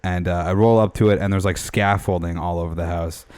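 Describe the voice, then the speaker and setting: A young man co-hosting a podcast, telling a story in a casual, animated way, swearing and laughing as he acts out what people said. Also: deep voice, brisk, clean tone. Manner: animated, swears a lot, laughs often, acts out quotes in a raised voice. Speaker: podcast co-host.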